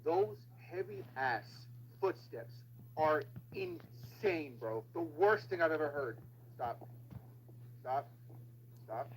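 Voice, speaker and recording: A man reacting to a horror game, excitable and cursing, yelling when panicked. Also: a little high, slow pace, long pauses, rough recording. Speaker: gameplay youtuber. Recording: steady background noise.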